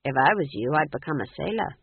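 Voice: mid-range voice, expressive, vocal fry, slightly rough, dry recording, phone-quality sound. A narrator voicing a stern, unflappable old witch who speaks levelly and dryly, in an audiobook. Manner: level, dry, unhurried.

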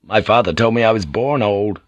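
A man's voice: on the low side, moderate pace, no room sound, muffled recording, close to an everyday voice. A man reading an audiobook, voicing an earnest, plain-spoken English sea captain who is serious and weary.

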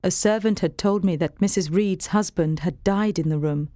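A woman reading a storybook aloud in a steady, clear first-person voice. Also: on the low side, normal speed, a little hiss or hum. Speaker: narrator. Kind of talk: scripted storybook narration.

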